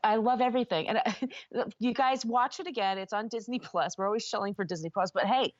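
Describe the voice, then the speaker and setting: A woman's voice: medium pitch, fairly quick, dry recording. A woman co-hosting a podcast, gushing and rambling emotionally in casual chat. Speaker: podcast co-host. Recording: dull, dry lo-fi sound.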